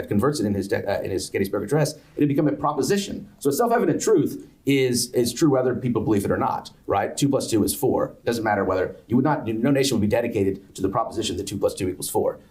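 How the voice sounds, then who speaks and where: A man giving an academic lecture, halting, with many fillers and restarts. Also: mid-range voice, darkish tone. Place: lecture event.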